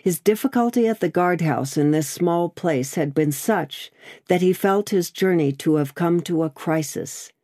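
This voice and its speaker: A reader telling a classic novel in a steady, measured way. The voice sits at a middle pitch, and the recording is close and dry with no room sound. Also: no echo. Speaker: audiobook reader. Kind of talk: scripted narration of a classic novel.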